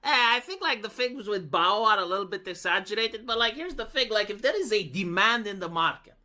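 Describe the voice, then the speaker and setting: Bright-voiced man rambling opinions. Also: sits high, expressive, a little fast. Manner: rambling with fillers, profane. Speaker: commentator in a played video. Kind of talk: casual opinion commentary.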